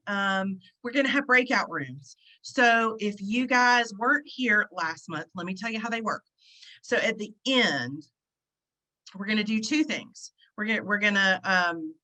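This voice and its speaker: A woman hosting an online gathering over a video call, chatty and excitable, with lots of fillers. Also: medium pitch, low-quality recording. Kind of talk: casual chat. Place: at the beach, indoors.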